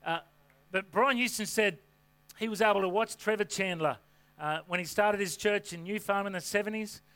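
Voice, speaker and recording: A man preaching a sermon to a congregation from a church stage, with an energetic, folksy delivery full of rhetorical questions. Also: high-pitched, moderate pace. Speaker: pastor.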